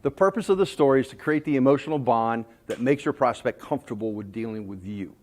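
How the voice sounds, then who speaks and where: A man's voice: medium pitch, quick pace, a little mellow. A man from North Carolina giving a sales talk at a conference, telling folksy anecdotes and stories to a live audience. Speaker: sales trainer. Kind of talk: conference presentation.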